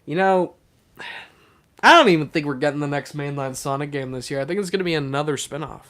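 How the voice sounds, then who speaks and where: A man's voice: fairly high pitch, fast, a bit bright. A young man hosting a casual livestream, rambling with lots of fillers as he talks to his chat. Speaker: livestream host.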